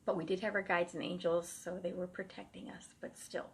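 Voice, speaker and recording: Husky-voiced woman telling a ghost story. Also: fairly low pitch, flat delivery, brisk, hardly any pauses. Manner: rambling and chatty, with frequent "like" fillers and restarts. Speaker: psychic medium telling a true story. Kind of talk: casual first-person storytelling.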